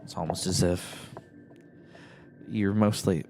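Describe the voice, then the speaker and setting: A man's voice: low voice, fairly even intonation, slow, background noise. A man narrating his gameplay in a rambling, musing way, often correcting himself with chuckling asides. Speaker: let's-play host.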